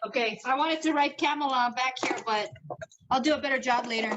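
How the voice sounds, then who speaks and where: Bright-voiced woman in casual chat. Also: sits high, fairly quick, a little hiss or hum, low-quality recording. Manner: profane and laughing, loose and chatty. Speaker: podcast co-host.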